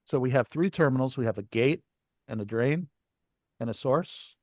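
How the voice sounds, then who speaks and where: A man's voice: medium pitch, moderate pace, no room sound. Man lecturing a class, dry sound. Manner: explains step by step, asks the class questions. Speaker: licensing class instructor.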